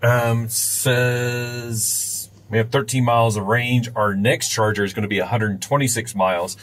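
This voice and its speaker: A man co-hosting a road trip vlog, explaining things in a relaxed, casual way with lots of fillers. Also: medium pitch, a little slow, rough recording. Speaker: vlog co-host. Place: inside a car on the highway. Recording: road noise in a car.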